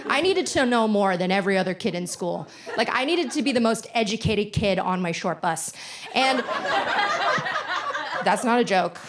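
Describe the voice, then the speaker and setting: A young woman in her twenties doing a stand-up comedy set on a theater stage, telling stories in a deadpan, self-deprecating way. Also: medium pitch, normal speed, a crowd in the background.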